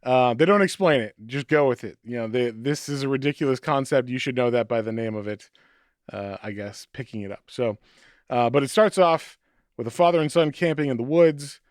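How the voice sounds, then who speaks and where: A man's voice: mid-range voice, brisk. A man chats as a podcast co-host and walks through a comic's story. He acts out the characters' lines as he goes. His voice sits in a middle register and the sound is dry, with no room echo. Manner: animated storytelling, acting out quotes. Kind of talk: casual chat recapping a comic.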